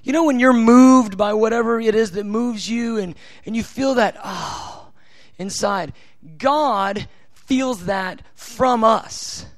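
High-voiced preacher, soft and intimate. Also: male voice, slow. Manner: intimate, tender, acts out God's voice softly. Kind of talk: sermon.

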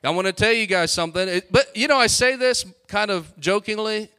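Male preacher, high clear voice, fired-up sermon with asides to the congregation. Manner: energetic, exhorting, quick asides to the congregation. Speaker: pastor. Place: church sanctuary.

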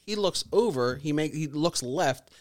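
A man with a slightly higher voice tells an animated, profane story in casual podcast chat. He laughs through it often and keeps going in a loose, chatty way. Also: measured pace. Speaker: podcast co-host.

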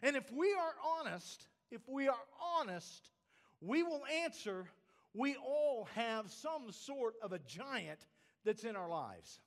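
A man's voice: extremely high pitch, sing-song, takes it slowly. A man preaching a sermon, emphatic, asking the congregation rhetorical questions. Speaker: pastor.

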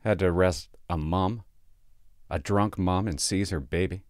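A man's voice: sits low, a little slow, a little mellow, no room sound, studio quality. A man, a police officer telling work stories in a blunt, sarcastic, profane casual vlog from a sparse home office.

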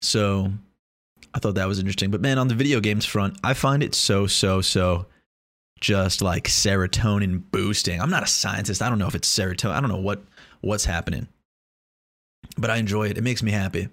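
A man's voice: fairly low pitch, fairly even intonation, a little fast, fairly bright tone, no room sound, clean studio sound. A young man talking in a casual, rambling monologue, joking and swearing freely.

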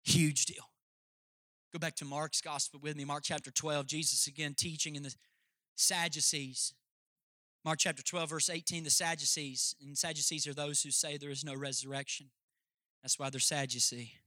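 A man's voice: fairly high pitch, little pitch movement, normal speed, sharp tone, no echo, studio quality. A man preaching a sermon as pastor, emphatic and jokey, speaking straight to his congregation.

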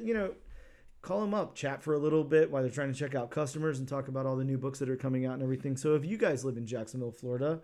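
A man's voice: fairly high pitch, mellow. A man co-hosting a casual comics podcast, talking in a rambling way with many restarts. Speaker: podcast co-host.

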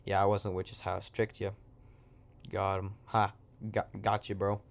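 A man's voice: deep voice, monotone, unhurried, gravelly. A man improvising a silly story in an offhand, joking way, breaking off into asides.

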